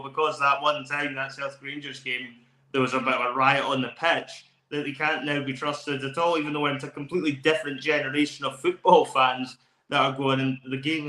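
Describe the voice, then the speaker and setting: A man's voice: mid-range voice, bright, forceful tone. A man co-hosting a casual podcast, opinionated and full of ums and uhs. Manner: opinionated, hesitant with many fillers. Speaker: podcast co-host. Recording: echoey room.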